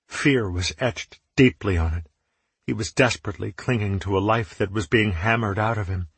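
A man narrates a first-person fantasy audiobook with steady, dramatic storytelling. His voice is low and husky. The recording is dry, with no room sound. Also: no room sound.

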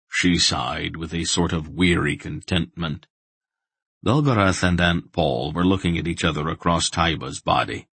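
A man narrating a fantasy audiobook in a calm, even reading. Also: rumbling low, moderate pace, breathy edge, no echo.

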